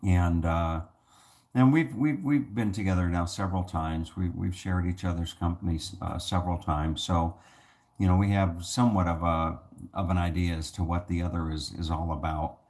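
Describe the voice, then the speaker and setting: A man's voice: low-pitched, moderate pace, darkish tone. A man talking to camera in a casual, rambling vlog, full of fillers and restarts. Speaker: vlogger.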